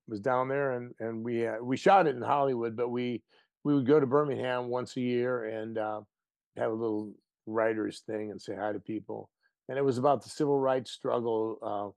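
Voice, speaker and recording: A man guest on an interview show, chatting casually and telling stories with lively quoted voices. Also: medium pitch, vocal fry, dry recording. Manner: animated storyteller, playful voices for quotes. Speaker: actor guest.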